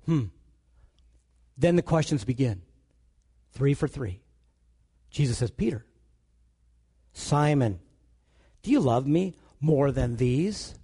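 A man preaching a sermon, telling stories with animated delivery and acting out the dialogue. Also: mid-range voice, slow pace, pauses often, breathy edge.

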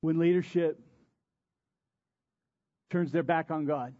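A man with a high-pitched voice preaches a sermon and drives his points home with repetition and rhetorical questions. The sound is dry and a little dull. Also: fairly even intonation, slow, dry recording. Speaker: pastor.

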